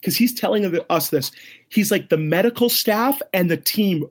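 Husky-voiced man telling a lively story. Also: sits high, moderate pace. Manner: animated, acts out quoted voices, laughs often. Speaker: ministry leader, interview guest. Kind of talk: excited storytelling in an interview.

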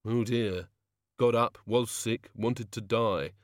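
A man's voice: fairly low pitch, steady tone, takes it slowly, dry recording, clean studio sound. A man reading an audiobook, voicing a weary, gloomy male god who grumbles and answers grudgingly. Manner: glum, grudging. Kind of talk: audiobook character voice.

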